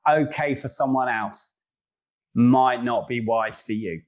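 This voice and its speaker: A man's voice: medium pitch, takes it slowly. A man hosting a casual book discussion, talking thoughtfully and hesitantly, with frequent restarts.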